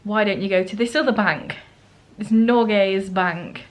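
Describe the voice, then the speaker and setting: A woman's voice: mid-range voice, a little slow, poor audio. A woman vlogging on a solo trip, chatting casually to the camera and acting out what people said to her. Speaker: travel vlogger. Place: holiday rental flat.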